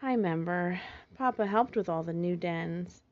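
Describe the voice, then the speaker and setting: A woman voicing a small young girl fox kit, sweet and worried, with a soft, pouting, childlike manner, in a slightly muffled recording. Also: fairly low pitch, unhurried.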